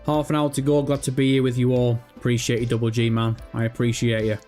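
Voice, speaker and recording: A young man hosting a live stream, chatting casually and excitedly, swearing often and nervous. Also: mid-range voice, quick pace, soft background music. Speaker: livestream host.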